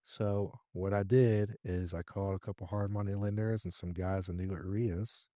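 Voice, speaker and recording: Low mellow-voiced man telling a story. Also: normal speed, no room sound. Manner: lively storyteller who acts out his own dialogue. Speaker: podcast guest, real estate investor. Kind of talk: conversational storytelling interview.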